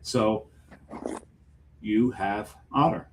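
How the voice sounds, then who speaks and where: A man's voice: lowish voice, extremely slow, a little hiss or hum, low-quality recording. A man co-hosting a beer podcast in casual chat, rambling and trailing off mid-sentence. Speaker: podcast co-host.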